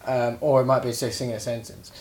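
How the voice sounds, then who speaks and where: A man's voice: medium pitch, little pitch movement, fast, a little mellow. A man co-hosting a casual podcast chat, teasing his friend and laughing often. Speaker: podcast co-host. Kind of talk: casual banter.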